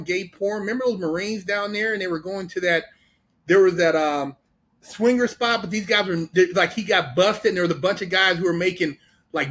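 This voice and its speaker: A man hosting a casual podcast, asking quick, halting questions full of restarts. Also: high-pitched, a bit bright. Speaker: podcast host.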